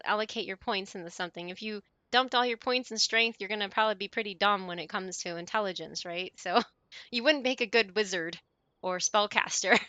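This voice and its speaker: A woman's voice: mid-range voice, pushed and bright, no room sound, dull audio. A woman streaming, chatting casually with her viewers in a rambling way and laughing often.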